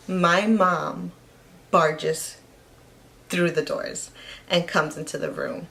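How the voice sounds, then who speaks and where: A woman's voice: on the low side, fairly even intonation, extremely slow, gravelly, sharp tone. A woman telling a personal story in a casual vlog, rambling, with lots of "like" fillers. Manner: rambling, heavy use of "like" fillers. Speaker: vlogger.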